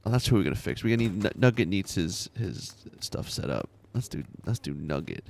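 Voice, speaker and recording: A man's voice: deep voice, animated, moderate pace, vocal fry, a little mellow, a little hiss or hum. A man in his thirties chatting casually while streaming a game, rambling, laughing often and muttering to himself.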